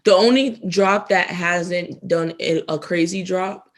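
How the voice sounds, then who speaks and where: A woman's voice: lowish voice, slow pace. Chatty woman podcast co-host. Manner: chatty, laughs often, sneaker and food tips. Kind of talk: casual podcast chat while eating.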